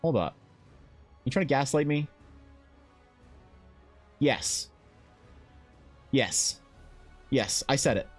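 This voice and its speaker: Rich: A young Canadian man in casual live-stream chat, swearing freely and joking as he answers viewers. His pitch sits in the middle range. Faint music plays underneath. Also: lively intonation, slow pace, pauses often. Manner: profane, joking, reading chat aloud. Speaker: streamer and artist.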